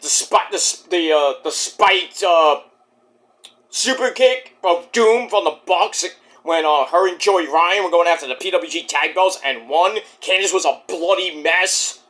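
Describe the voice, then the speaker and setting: A man reviewing a wrestling show in a casual vlog, excitable and profane, with sudden yelled exclamations. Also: fairly high pitch, a little slow.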